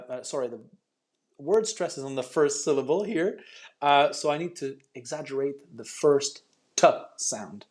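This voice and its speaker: A man teaching an online English pronunciation lesson, chatty and encouraging, explaining step by step with frequent ums. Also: fairly high pitch.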